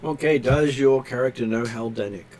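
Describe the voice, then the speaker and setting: A man narrating a tabletop game as game master, pausing often on fillers as he describes scenes. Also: mid-range voice, darkish tone, slight background noise. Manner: hesitant, filler-heavy narration.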